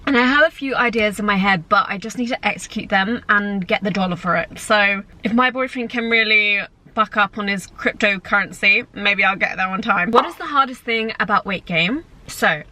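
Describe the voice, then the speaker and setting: A woman's voice: mid-range voice, moderate pace, sharp tone. A woman in her twenties, an influencer chatting casually and self-mockingly to her viewers from inside her car. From United Kingdom. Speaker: lifestyle influencer. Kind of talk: casual chat to camera. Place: inside a car at a drive-thru.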